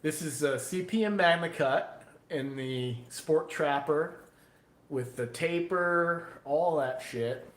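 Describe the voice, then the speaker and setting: A man, a knifemaker, talking on a loud, profane and tipsy live stream, acting out imagined critics. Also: a little high, slow, roomy sound. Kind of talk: casual live-stream chat.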